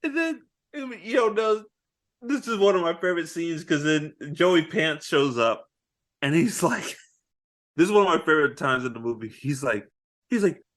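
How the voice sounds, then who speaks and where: A man co-hosting a casual movie podcast, retelling scenes with animated quoted lines and frequent laughter. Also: on the high side, normal speed. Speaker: podcast co-host.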